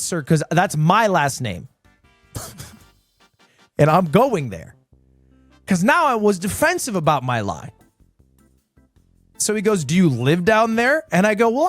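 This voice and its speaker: A man in his twenties telling a rambling story on his stream, swinging between low mutters and high exclamations. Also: big pitch swings, a little slow, long pauses, no room sound, faint music behind. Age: 20s. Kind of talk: casual storytelling.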